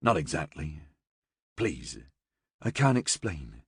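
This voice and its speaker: A man's voice: a bass voice, sing-song, takes it slowly, gravelly, slightly rough, no room sound, clean studio sound, pitched below the performer's own voice, full character voice. A man voicing an anxious young man on the run who answers in an evasive, pleading way.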